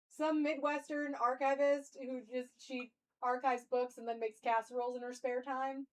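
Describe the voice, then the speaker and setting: A woman's voice: sits high, little pitch movement, normal speed, few pauses, low-quality recording. A young woman streamer musing aloud in casual live-stream chat.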